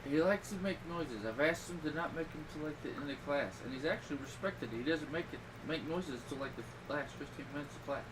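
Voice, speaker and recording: A middle-aged man rambles through family stories in casual podcast chat, his voice rising into loud bursts now and then. He sits a little back from the mic, and steady background noise runs under his talk. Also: a little high, fairly quick, hardly any pauses, recorded from a distance. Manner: rambling, animated storytelling with loud outbursts. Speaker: podcast host.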